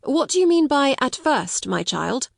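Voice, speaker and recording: A woman's voice: fairly high pitch, animated, normal speed, no room sound, clean studio sound, voice pushed up, close to an everyday voice. Woman reading a kind, encouraging father. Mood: gentle. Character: kind big father, gentle questioner.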